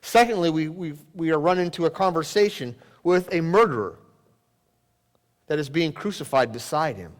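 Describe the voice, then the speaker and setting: Male pastor, dramatic sermon delivery, loud cries dropping to hushes, slightly high voice. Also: expressive, normal speed. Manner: dramatic swings from loud exclamations to hushed near-whispers. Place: church sanctuary. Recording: long church hall reverb.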